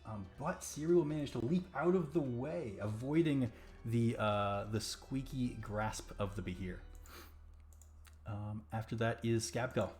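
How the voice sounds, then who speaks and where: A man's voice: medium pitch, unhurried, darkish tone, faint music behind. A man narrating as game master for a tabletop roleplaying game, chatty and full of fillers.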